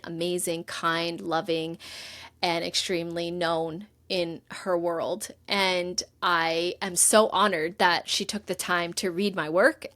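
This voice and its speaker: A young adult woman hosting a podcast, telling a personal story in an excited, animated way with quick bursts and restarts. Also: medium pitch. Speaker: podcast host. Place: at home.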